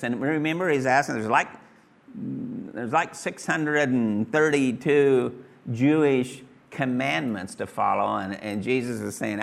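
A middle-aged man preaching a sermon in a relaxed, folksy way, talking to his congregation like neighbors. His voice is mid-pitched with a gravelly edge. He circles back and repeats his key phrases. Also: a little slow. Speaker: pastor. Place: church hall with congregation.

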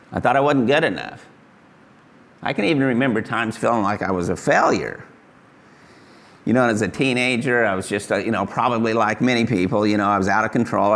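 A man's voice: gravelly, fairly bright tone. An older man from Kansas, giving an earnest, folksy testimony sermon as a pastor. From Kansas, USA. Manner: earnest, folksy, rises high when voicing Jesus.

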